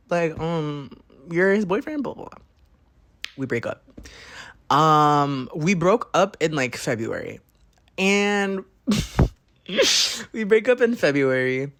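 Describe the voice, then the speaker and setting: Gossipy young man telling a story. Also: fairly high pitch. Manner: animated, gossipy, profane, heavy use of "like". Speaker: podcast host. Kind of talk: casual storytime monologue.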